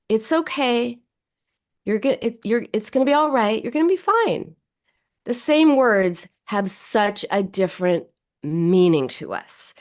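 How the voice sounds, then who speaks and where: Speaking at a medium pitch, she's a psychoanalyst being interviewed on a podcast, laying out her thinking and acting out the inner voice she quotes.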